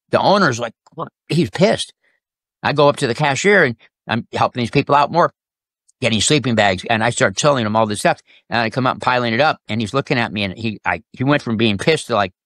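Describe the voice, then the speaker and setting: Man, interview guest, animated storyteller, dry close sound. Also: medium pitch, no room sound. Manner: animated, acts out quoted customers and bosses.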